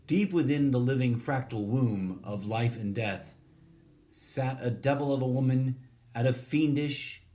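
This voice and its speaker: A man reading a short story aloud in a deadpan, measured way, even speaking the punctuation and formatting. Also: medium pitch.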